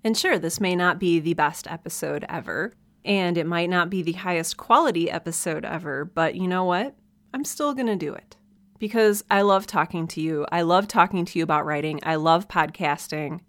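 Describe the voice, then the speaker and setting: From her home office, a woman with a Midwestern American accent hosts a casual solo podcast on a desk mic. Her voice is on the low side and a bit bright, at a normal pace with no echo, and she's chatty, self-deprecating, and laughs often.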